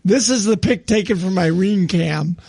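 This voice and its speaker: A man's voice: high-pitched, moderate pace, creaky, darkish tone, breathy edge, no echo. A man in his sixties co-hosting a casual comedy podcast, who keeps laughing as he reads posts aloud. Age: 60s. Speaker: podcast co-host.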